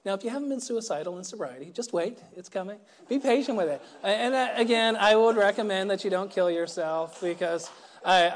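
Wry middle-aged man telling his story. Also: high-pitched. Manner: wry, self-deprecating storytelling; frequent stammered restarts. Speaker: recovery meeting speaker. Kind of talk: personal recovery talk.

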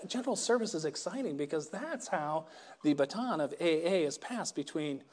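A man's voice: on the high side, lively intonation, moderate pace, darkish tone. Wry middle-aged man telling his story. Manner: wry, self-deprecating storytelling; frequent stammered restarts. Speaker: recovery meeting speaker. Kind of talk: personal recovery talk.

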